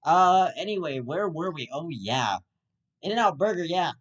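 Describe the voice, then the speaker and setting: A man's voice: a little high, expressive, unhurried, a bit bright, highs cut off. A young man hosting his own show, ranting in a rambling comedic monologue that is full of stammers and swearing. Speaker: host.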